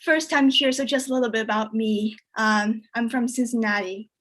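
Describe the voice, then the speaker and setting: A woman whose first language is Chinese performs a stand-up set with a slightly high voice. Her delivery is dry and deadpan. She leaps up in pitch whenever she acts out someone else. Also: normal speed. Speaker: stand-up comedian.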